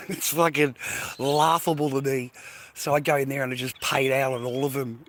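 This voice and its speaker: A man's voice: medium pitch, flat delivery, normal speed, a bit bright. A middle-aged Australian man rambling in a casual, profane monologue to camera outdoors by the water. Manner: profane, rambling, slangy, repeats himself. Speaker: vlogger.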